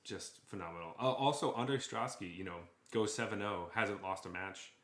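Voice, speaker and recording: Podcast co-host: excitable man with a lowish voice, easy laugh, in an echoey room. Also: moderate pace. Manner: excitable, enthusiastic, laughs often. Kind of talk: casual chat.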